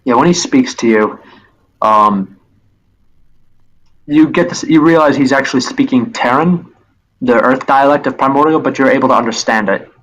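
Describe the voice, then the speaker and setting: A man's voice: mid-range voice, moderate pace, long pauses, highs cut off. Rambling male game master. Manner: rambling, restarts descriptions. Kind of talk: narrating a tabletop game.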